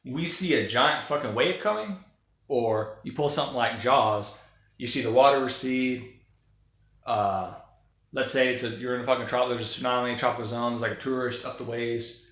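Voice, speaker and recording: A man's voice: mid-range voice, moderate pace, fairly bright tone. A man giving an opinionated, rambling, profane casual monologue about films. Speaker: film commentator. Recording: very echoey room.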